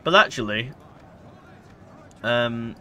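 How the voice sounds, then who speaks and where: A man's voice: medium pitch, expressive, slow, bright, forceful tone, slight background noise. A man giving casual let's-play commentary, rambling and hesitant, full of fillers and self-corrections. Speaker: gameplay commentator.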